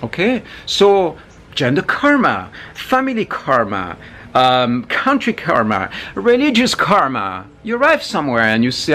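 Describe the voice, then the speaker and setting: A man talking casually to camera as a spiritual teacher, animated, with frequent asides and restarts. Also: a little high, moderate pace.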